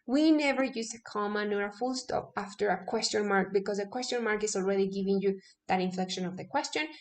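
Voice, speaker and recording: A woman English teacher, a native Spanish speaker, explaining grammar step by step, often checking in with "okay?" and correcting herself mid-sentence. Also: mid-range voice.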